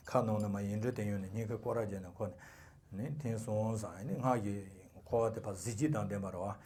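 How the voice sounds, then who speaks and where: A man, a lama, giving an empowerment in a meditation center with rapid, rhythmic ritual recitation and teaching. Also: fairly low pitch, fairly even intonation, a little mellow, recorded from a distance. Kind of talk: ritual chanting and teaching in Tibetan.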